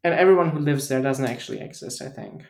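A man co-hosting a casual podcast chat, teasing and deadpan, acting as if he believes none of it. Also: a little high, fast talker, vocal fry. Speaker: podcast co-host.

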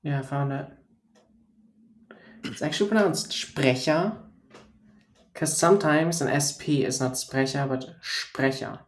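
Mid-pitched man in an echoey room. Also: normal speed, long pauses. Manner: relaxed, teasing, uses many fillers. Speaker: podcast co-host. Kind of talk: casual chat.

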